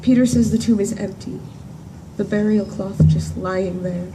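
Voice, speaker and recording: A woman in a church performing a monologue as a grief-stricken woman disciple at the empty tomb. She speaks earnestly and in measured phrases, with emphatic repetitions. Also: medium pitch, fairly even intonation, noisy background, close to an everyday voice. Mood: grieving. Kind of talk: dramatic first-person monologue. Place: church service at sunrise. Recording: distant voice with faint room ambience.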